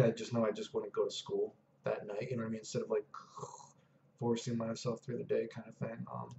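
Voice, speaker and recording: A man's voice: medium pitch, mellow, reverberant, muffled recording. A man in his thirties casually rambling through personal stories, swearing a lot and often saying "dude" and "you know what I mean". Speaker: vlogger.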